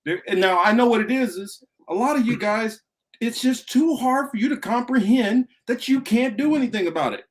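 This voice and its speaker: A man's voice: very high-pitched, expressive, normal speed. A man hosting a political talk show, ranting emphatically with heavy profanity and repetition. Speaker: podcast host.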